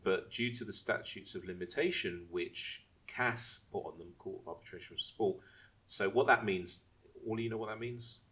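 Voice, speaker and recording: Low-voiced guy chatting on a podcast, rambly, keeps restarting. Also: normal speed, a bit bright. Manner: rambling, restarts and asks if he may speak. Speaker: podcast co-host. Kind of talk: casual chat.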